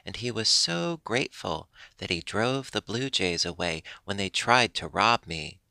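A man's voice: lowish voice, animated, unhurried, creaky, bright, forceful tone, no room sound, heavily acted. A man reading the part of a saucy, kind-hearted young female squirrel in a storybook. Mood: tender.

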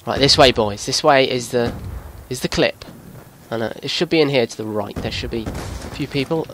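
A young man, giving excitable gameplay commentary as a video host, swearing and shouting at opponents. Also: medium pitch, moderate pace, slight background noise.

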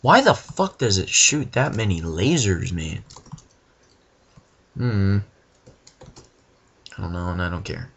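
A young man giving profane, frustrated let's play commentary, ranting and now and then bursting into yells. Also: low-pitched, expressive, takes it slowly, gravelly, pauses often, breathy edge, dull audio. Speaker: gamer.

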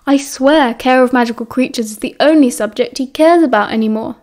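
A woman's voice: sits high, brisk, a little mellow, lightly acted. A woman with a British accent voicing a sleepy, grumbling teenage schoolboy wizard who drawls his complaints. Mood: grumpy.

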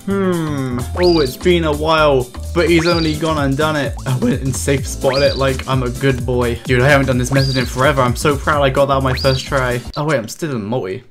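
A man talking casually over his own gameplay, chatty and excitable, laughing often and poking fun at himself. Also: medium pitch, brisk, few pauses, over music. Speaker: gaming channel host.

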